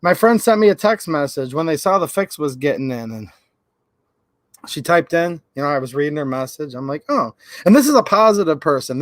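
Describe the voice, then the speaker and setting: A man with a fairly high voice hosts a livestream as the channel host, telling rambling stories and chatting with viewers. It is livestream commentary, and the recording sounds dry.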